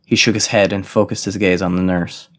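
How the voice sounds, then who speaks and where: Deep-voiced man reading a novel. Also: flat delivery, fairly quick. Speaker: narrator. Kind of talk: audiobook narration.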